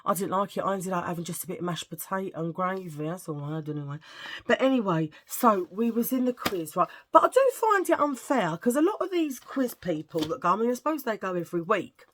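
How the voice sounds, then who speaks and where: Talking to her viewers in a mid-range voice and a little fast, this vlogger rambles through stories in a casual, animated way. She laughs often and acts out the things people said.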